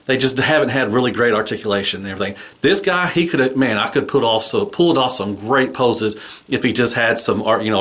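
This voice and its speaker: A man's voice: mid-range voice, fairly bright tone. A man giving a casual toy review in an easygoing, rambling way, full of fillers.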